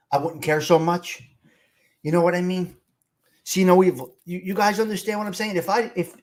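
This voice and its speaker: Man hosting a live stream, rambling and profane, fairly high voice, chats with viewers, webcam sound. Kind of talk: casual live-stream chat.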